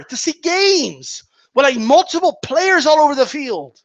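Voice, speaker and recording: A man ranting about boxing in a sarcastic, animated way, swearing constantly and laughing often. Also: very high-pitched, unhurried, dry recording, dull audio. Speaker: boxing commentator. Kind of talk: profane ranting monologue.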